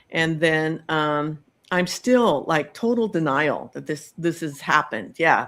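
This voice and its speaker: A middle-aged woman hosting a podcast, telling a personal story in a slow, reflective way with many pauses and ums. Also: deep voice, a bit bright. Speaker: podcast host telling her own story.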